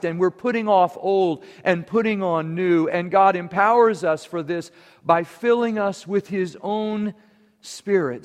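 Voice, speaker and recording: A man preaching a sermon to his congregation, earnest and emphatic. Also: on the high side. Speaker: pastor. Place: church sanctuary. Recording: long church reverb.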